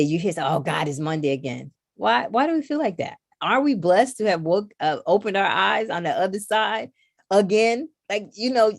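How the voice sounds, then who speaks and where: With a fairly low, creaky voice, a middle-aged woman on a knitting podcast talks casually as a guest, animatedly voicing other people's lines in her stories. The studio sound is clean, with no echo.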